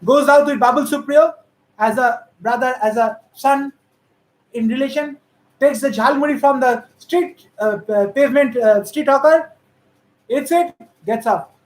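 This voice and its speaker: A woman's voice: high-pitched, measured pace. A woman giving critical, emphatic political commentary on how politicians speak. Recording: roomy echo.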